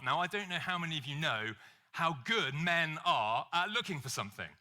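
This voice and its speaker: Bright-voiced man preaching with humor. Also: on the high side, animated, brisk. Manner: humorous storytelling, acts out quoted voices. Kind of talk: sermon.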